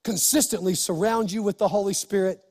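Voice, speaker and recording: A male pastor preaching an impassioned sermon, building to shouts. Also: high voice, steady tone, brisk, long reverb tail.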